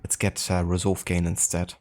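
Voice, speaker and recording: A German-accented man hosting a live game stream, his voice sitting very low and deep. He talks in a relaxed, easygoing way, greeting viewers and thinking aloud with plenty of small fillers. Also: normal speed. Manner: laid-back, chatty, greets viewers, frequent fillers. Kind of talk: casual live-stream chat.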